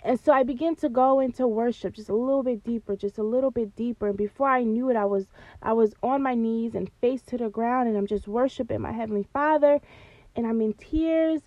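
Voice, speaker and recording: A woman's voice: a little high, a little fast, a little mellow, dry recording, dull audio. Earnest woman podcast host. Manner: earnest, preacherly, addresses listeners as y'all. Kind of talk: faith-based podcast talk.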